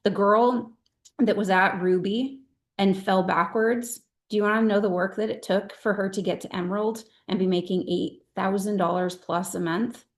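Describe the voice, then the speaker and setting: A woman's voice: mid-range voice, fairly even intonation, moderate pace. A middle-aged woman leading her sales team on a video call, speaking in an earnest, emphatic and heartfelt way. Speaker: direct-sales team leader.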